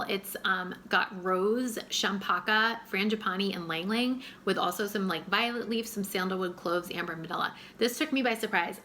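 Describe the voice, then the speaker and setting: A woman's voice: medium pitch, pushed and bright, a little hiss or hum. A woman in her forties chatting to camera about favourite things, gushing and chatty with lots of fillers. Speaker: fragrance reviewer. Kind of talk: casual chat to camera.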